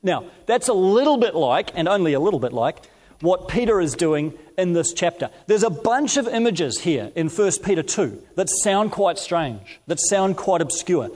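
A middle-aged man preaching a sermon as pastor, reading scripture slowly and telling stories from his own life. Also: sits high, big pitch swings, a little mellow. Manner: storytelling, measured scripture reading.

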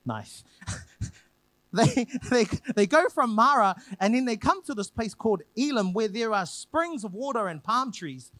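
A man preaching a sermon, retelling a scripture story with lively acted quotes and repeated phrases. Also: very high voice, moderate pace, hardly any pauses.

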